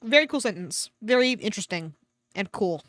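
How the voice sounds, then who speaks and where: A woman's voice: medium pitch, animated, brisk, fairly bright tone, no room sound, clean studio sound. A woman streamer reading a fan story aloud with sarcastic commentary, swearing freely and laughing often, at a home desk mic.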